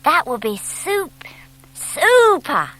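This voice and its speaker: A woman voicing an eager young baby owl boy who speaks slowly, wide-eyed and pleading. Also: high-pitched, sing-song, fairly bright tone, pitched above the performer's own voice, heavily acted, rough recording.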